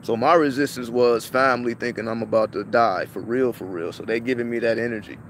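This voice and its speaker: A man's voice: mid-range voice, fairly even intonation, brisk, a little hiss or hum. A man vlogging to his viewers, chatting casually with lots of swearing and repeated restarts. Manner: profane, repetitive, restarts often.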